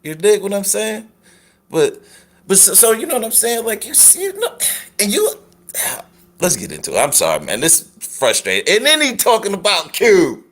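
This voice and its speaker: A man's voice: high voice, wildly swooping pitch, normal speed, fairly bright tone. A man hosting a live stream at home, giving casual reaction commentary with rambling, apologetic asides and laughter.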